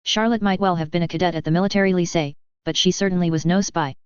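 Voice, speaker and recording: A reader doing a wary middle-aged French tycoon in a storybook reading, clipped and indignant. The voice is very smooth and resonant, with a dull, lo-fi tone. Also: mid-range voice, steady tone, fast talker, no room sound, close to an everyday voice.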